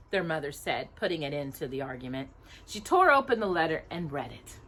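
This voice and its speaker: Woman storyteller, children's read-aloud, animated delivery. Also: low voice, moderate pace. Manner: expressive, acting out each character's lines.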